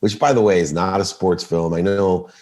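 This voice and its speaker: A man's voice: deep voice, moderate pace. A middle-aged man telling a story in a casual podcast interview, acting out the lines of the people in it. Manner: animated storyteller, acts out quoted dialogue. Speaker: podcast guest.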